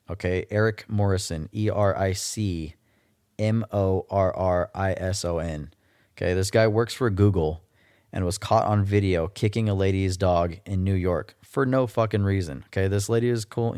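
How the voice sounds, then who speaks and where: A man's voice: low voice, a little mellow, smooth, no room sound, studio quality. A man hosting a solo podcast, ranting in a casual, blunt and profane way. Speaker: podcast host.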